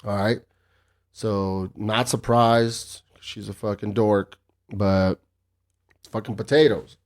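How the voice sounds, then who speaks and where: A man's voice: lowish voice, fairly even intonation, takes it slowly. A man in his thirties hosting a solo podcast, swearing freely and ranting in a cocky, casual way. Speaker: podcast host.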